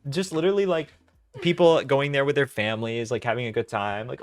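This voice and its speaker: A man's voice: mid-range voice, fairly even intonation, fairly quick, no room sound. A young man hosting a casual commentary, sarcastic and exasperated, with many fillers. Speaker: commentary host.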